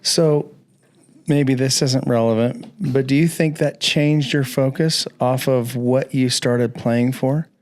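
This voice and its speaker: A man's voice: mid-range voice, fairly even intonation, slow pace, a little mellow. Man hosting a podcast interview. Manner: reflective, asks thoughtful questions. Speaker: podcast host. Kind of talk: conversational interview.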